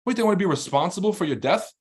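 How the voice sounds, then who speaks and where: A man's voice: high voice, slightly rough. A man hosting a live trading stream and reading chat, talking in a blunt, profane, combative way. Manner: fast, rambling and animated when ranting. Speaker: livestream trading host.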